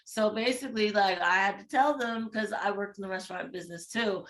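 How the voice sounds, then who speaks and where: Lively bright-voiced woman telling a story. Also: mid-range voice. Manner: animated, laughing, quick asides. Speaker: podcast guest. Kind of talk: casual storytelling.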